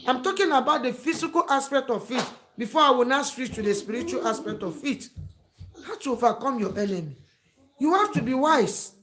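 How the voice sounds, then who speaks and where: A woman's voice: sits high, expressive, brisk, background noise. A woman giving emphatic, repetitive advice to camera and acting out the words of friends. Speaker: advice vlogger. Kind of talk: preachy advice talk to camera.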